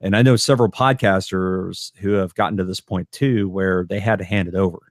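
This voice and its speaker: A podcast co-host with a fairly low voice speaks bluntly and rambles on a casual podcast, tripping over his own restarts. His intonation is fairly even and his pace brisk, picked up close and dry on a studio mic with no room sound.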